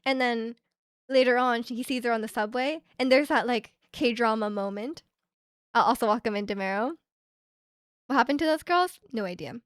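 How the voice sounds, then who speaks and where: A woman's voice: on the high side, normal speed, no room sound, clean studio sound. A young woman streaming, chatting casually with her viewers and retelling ads in a rambling way with many fillers.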